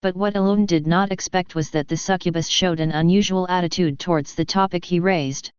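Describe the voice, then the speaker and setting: A woman reading a fantasy audiobook in steady, scripted narration. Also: on the low side, a little fast, smooth, dry recording. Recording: slightly dull, dry studio sound.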